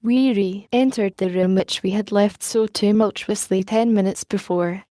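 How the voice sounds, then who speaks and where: A woman reading a novel aloud as an audiobook narrator, in an even, unhurried manner with little change of voice for the characters. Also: medium pitch, no room sound. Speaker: audiobook reader. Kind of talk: scripted narration.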